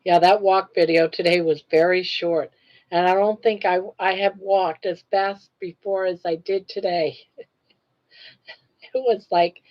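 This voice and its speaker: A woman's voice: fairly low pitch, steady tone, measured pace, a little mellow. Older woman, livestream host, chatty, reads comments and greets viewers, muffled lo-fi sound. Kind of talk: casual livestream chat. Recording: dull lo-fi livestream audio.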